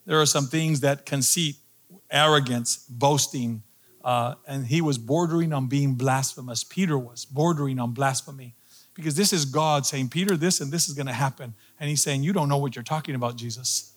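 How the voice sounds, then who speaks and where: A middle-aged man preaching a sermon as pastor, animated, his voice climbing high on emphasis. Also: normal speed.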